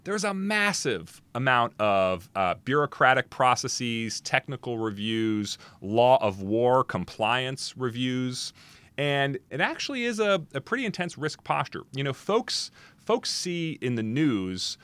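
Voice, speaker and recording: A man answering as the guest expert in a podcast interview, talking in an animated, emphatic way with quick restarts and asides. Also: mid-range voice, clean tone, no room sound.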